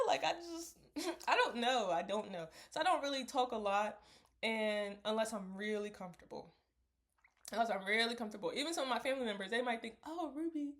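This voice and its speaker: Young woman, slightly high voice, rambling reflective vlog chat. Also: a bit bright. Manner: rambling, reflective, laughs often. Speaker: vlogger. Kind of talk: casual talk to camera.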